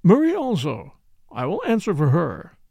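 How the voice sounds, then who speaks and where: A man's voice: sits high, wildly swooping pitch, normal speed, gravelly, mellow, no echo, clean studio sound, heavily acted. A man doing a deferential French valet. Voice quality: deferential, attentive. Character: respectful obliging male French manservant.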